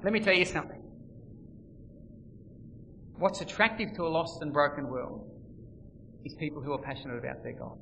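A bright, forceful male preacher delivers a sermon in a large hall. His voice sits a little high, rising to loud emphasis and dropping to near-quiet asides. The room adds a long reverb tail with faint ambience underneath. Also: animated, moderate pace, gravelly, long pauses, a little hiss or hum. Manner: dramatic swings between loud emphasis and quiet.

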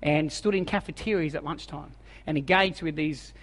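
A man's voice: a little high, moderate pace, fairly bright tone, big-room sound. An Australian man in his forties preaching a sermon as a humorous, self-mocking storyteller. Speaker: evangelist preacher.

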